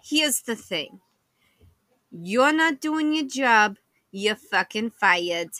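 A woman's voice: on the high side, expressive, drawn-out words, pushed and bright, no echo, exaggerated voice. A woman voicing a bossy, foul-mouthed woman who fires her lazy sheriff, talking bluntly and swearing. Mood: angry.

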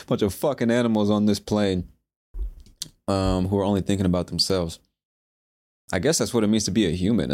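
A young man hosting a casual solo podcast, talking in a profane, animated, slangy way. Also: low-pitched. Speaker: podcast host.

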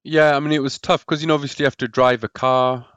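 A man's voice: medium pitch, steady tone, quick pace, fairly bright tone, smooth, no room sound, dull audio. A man telling his own story as a podcast guest, hesitant and often repeating words. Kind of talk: personal story in a podcast interview.

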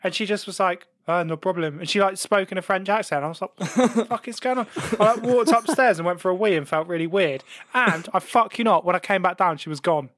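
Man, high voice, animated storyteller, swears a lot, dry close mic. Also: quick pace, few pauses, dry recording. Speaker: podcast co-host. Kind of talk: casual chat, storytelling.

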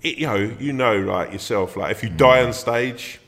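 A man's voice: mid-range voice, normal speed, fairly bright tone, long reverb tail. A man, a comedian guest in a casual chat, telling anecdotes, swearing freely and laughing through them. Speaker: comedian and actor, podcast guest.

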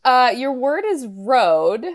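A woman's voice: sits high, big pitch swings, slow. A woman hosting a podcast, explaining the game and chatting with easy laughs. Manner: laughs easily, matter-of-fact answers. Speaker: podcast host. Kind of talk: casual podcast chat.

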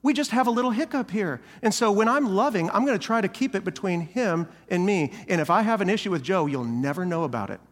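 High-voiced male pastor preaching. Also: quick pace, few pauses, big-room sound. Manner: animated preaching, acts out quoted complainers. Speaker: senior pastor. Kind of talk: sermon.

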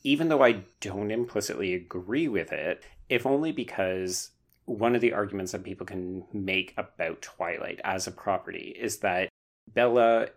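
A man's voice: lowish voice, normal speed. A man hosting a podcast, giving opinionated, wry commentary in a casual discussion. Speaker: podcast host.

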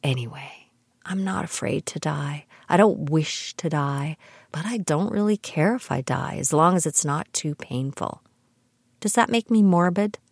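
Brief: middle-aged woman from Canada, lowish voice, dry close sound, reads wry family stories. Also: lively intonation, measured pace, gravelly, no echo. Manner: dry, wry humor with laughs. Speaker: podcast host. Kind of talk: scripted personal storytelling.

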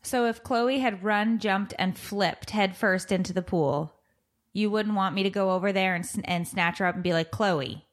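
A woman in her thirties chatting casually as a show co-host. She tells stories with animated energy and a mid-range voice, sometimes getting loud when she quotes herself. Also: medium pitch, normal speed. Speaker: podcast co-host, mother. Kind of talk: casual chat, storytelling.

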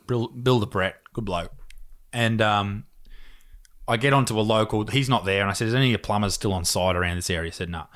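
A man's voice: fairly low pitch, a bit bright. A man, telling a story in casual chat, swearing freely and laughing often.

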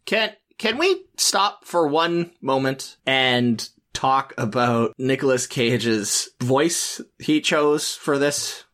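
A man co-hosting a podcast, chatting with incredulous, excitable reactions and breaking into goofy impressions. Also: medium pitch, slow, few pauses. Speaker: podcast co-host. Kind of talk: casual chat.

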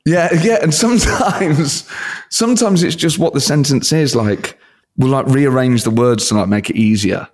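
A male comedian and impressionist chatting in an interview, excitable and self-deprecating, laughing often. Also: medium pitch, moderate pace. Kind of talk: casual interview chat.

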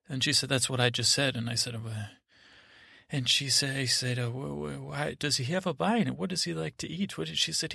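A man hosting a sleep podcast, telling a meandering improvised bedtime story full of restarts and fillers, now and then slipping into soft voices for the people in it. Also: mid-range voice, fairly even intonation, fast talker, vocal fry, breathy edge, dry recording, clean studio sound.

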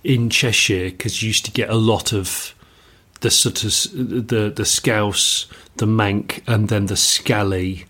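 A man's voice: lowish voice, fairly even intonation, slow pace, pushed and bright, breathy edge. A middle-aged man from England co-hosting a podcast, talking enthusiastically in rambling casual chat. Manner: rambling, enthusiastic, many restarts. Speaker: podcast co-host.

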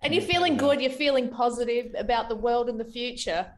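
A woman's voice: fairly high pitch, a little fast. A woman in casual chat, candid and laughing easily.

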